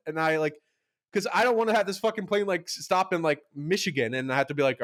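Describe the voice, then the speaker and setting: Casual podcast co-host: young man with a slightly high voice, rambling, filler-heavy, profane storyteller. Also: lively intonation, fast talker, a bit bright. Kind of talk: casual chat.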